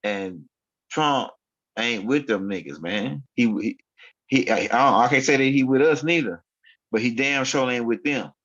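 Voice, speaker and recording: A man's voice: medium pitch, a little slow, a bit bright. A man hosting his own online show, rambling through casual commentary in street slang and often repeating himself. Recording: dull lo-fi sound.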